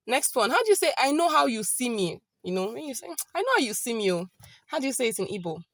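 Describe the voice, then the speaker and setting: Woman, friendly online tutor, checks in often, repeats phrases slowly; dry close mic. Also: fairly high pitch, very animated, a bit bright, no echo. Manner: chatty, keeps checking in with "okay?"; slows down and repeats phrases carefully. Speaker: language teacher. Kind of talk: casual online language lesson.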